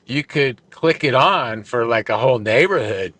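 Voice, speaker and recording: A man's voice: mid-range voice, animated, moderate pace, fairly bright tone, dry recording. Rambling male co-host. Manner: hesitant, rambling with fillers. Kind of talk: casual chat.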